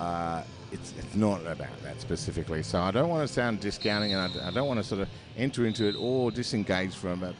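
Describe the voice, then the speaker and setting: A man with an Australian accent doing live commentary on a roller derby bout, chatty and rambling, with plenty of fillers and self-deprecating asides. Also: deep voice. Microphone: headset.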